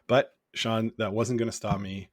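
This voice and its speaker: A man with a fairly low voice co-hosts a casual podcast while stuffed up with a cold. He talks in a relaxed, hesitant way with filler "uh"s. The sound is close and dry. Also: moderate pace, no room sound. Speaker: podcast co-host.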